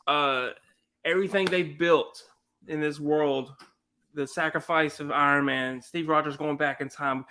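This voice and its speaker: A man co-hosting a podcast, ranting in an animated, emphatic way. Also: a little high, a little slow. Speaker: podcast co-host. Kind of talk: casual chat.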